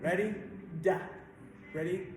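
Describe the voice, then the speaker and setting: A man's voice: high voice, takes it slowly. A man directing a choir rehearsal in a church, stopping to coach diction and sing out the words. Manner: stops and sings words to demonstrate diction. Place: large church sanctuary. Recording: very echoey church hall, faint music behind.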